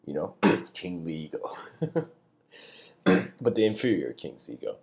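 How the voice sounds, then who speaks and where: Man, low voice, casual spiritual storytelling, rambling, throat-clearing. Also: big pitch swings, unhurried, pauses often, a little mellow, dull audio. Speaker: spiritual lecturer.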